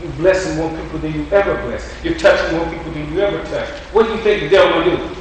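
A man preaching a sermon in a high voice, talking to the congregation and repeating phrases as he builds up and then drops low. He is picked up from a distant mic in a very echoey hall, with faint noise underneath. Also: quick pace. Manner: conversational preaching, repeats phrases, rises and quiets.

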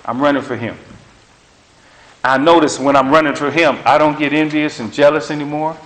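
A man's voice: a little high, steady tone, moderate pace, a bit bright. A man preaching a sermon with an emphatic, repetitive cadence, hammering home short phrases. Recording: roomy echo.

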